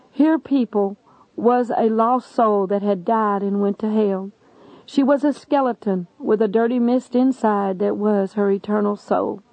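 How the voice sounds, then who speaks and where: A woman's voice: on the high side, darkish tone, no room sound. A woman preacher giving an earnest, imploring testimony sermon. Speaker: evangelist. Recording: dull lo-fi recording.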